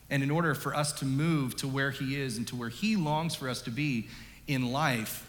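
A man in his thirties preaching a sermon as pastor, conversational and jokey, telling stories with animated swings in his voice. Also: fairly high pitch. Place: church sanctuary. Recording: long hall reverb.

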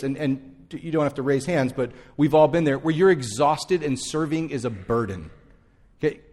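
Male pastor, slightly high voice, conversational sermon delivery with repeated key lines, long reverb of a church hall. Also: darkish tone. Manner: conversational, speaks straight to the congregation; repeats key phrases for emphasis.

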